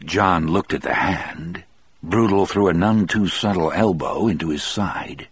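A man reads a first-person novel aloud in a measured, even way. His voice is very deep and husky, recorded dry and close with no room sound. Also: no room sound. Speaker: audiobook narrator.

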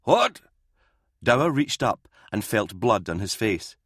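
Male narrator, low-ish voice, grave and measured; dry studio read. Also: animated, a bit bright, dry recording. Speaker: audiobook narrator. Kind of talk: scripted narration.

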